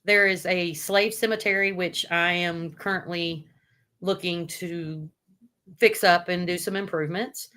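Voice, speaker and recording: A woman with a fairly low voice lays out the history of the site plainly. She keeps her answers short and factual, without embellishment. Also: steady tone, unhurried, fairly bright tone. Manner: matter-of-fact, brief answers. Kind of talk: casual explanation.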